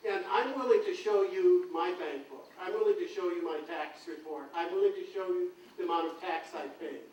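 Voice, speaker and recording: Emphatic high-voiced man in an echoey hall. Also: brisk, a little mellow, dull audio. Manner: emphatic, repeats phrases for stress. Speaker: expert witness giving a talk. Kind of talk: impassioned public talk. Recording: echoey hall from far off, faint hiss.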